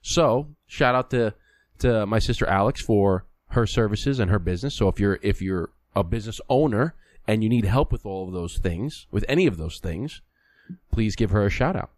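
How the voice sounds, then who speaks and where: A man's voice: fairly low pitch, expressive, normal speed, a little mellow, no room sound. A man co-hosting a podcast, talking in a blunt, casual way with the odd curse. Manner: blunt, profane storyteller. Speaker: podcast co-host. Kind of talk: casual chat.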